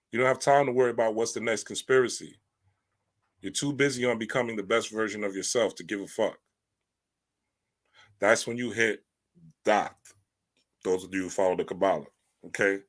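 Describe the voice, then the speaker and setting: A male spiritual teacher with a low voice reads and comments during a livestream talk. He is blunt and preachy, drops slangy asides, and builds to rising emphasis.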